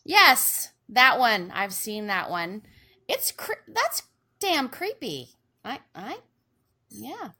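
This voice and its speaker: A middle-aged woman and mother, co-hosting a podcast in animated casual chat and laughing easily. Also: on the high side, takes it slowly, slightly rough. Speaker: podcast co-host.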